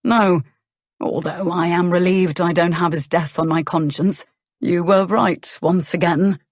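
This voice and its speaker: A woman narrator voicing a charming, rueful young nobleman in a calm, earnest manner. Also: fairly low pitch, measured pace, no room sound, studio quality.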